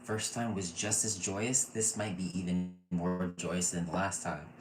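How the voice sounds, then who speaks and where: A man in his thirties teaching a casual online intuition class, gushing and excitable and often laughing. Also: low-pitched, measured pace, soft background music. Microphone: computer mic, off camera. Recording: echoey room with faint noise.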